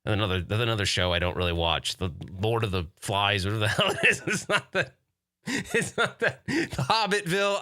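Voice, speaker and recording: A man's voice: on the low side, lively intonation, normal speed, sharp tone, no echo, studio quality. A man in his forties hosting a podcast, rambling casually through listener questions and laughing often. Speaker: podcast host. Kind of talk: casual chat reading live chat questions.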